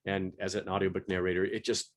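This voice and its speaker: A man who is an audiobook narrator and stage actor, talking on a panel in a halting way with many fillers and restarts. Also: sits low, little pitch movement. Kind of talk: panel discussion.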